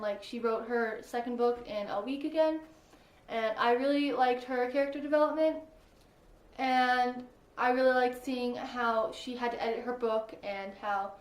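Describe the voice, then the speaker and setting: High-voiced gushing woman book vlogger. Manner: gushing, peppered with "like" and "I really liked". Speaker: book reviewer. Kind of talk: casual book review vlog. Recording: echoey room.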